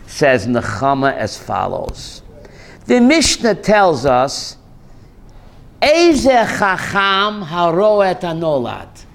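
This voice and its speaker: A man's voice: fairly high pitch, sing-song, drawn-out words, creaky. A man, a rabbi, giving a joking Torah class to a live audience and putting questions to them.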